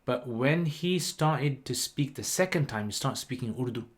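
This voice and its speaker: A man, hosting a livestream and telling a story in a rambling, lively way with lots of fillers. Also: mid-range voice, normal speed. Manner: rambling, animated retelling with many "like" and "you know" fillers. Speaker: channel host.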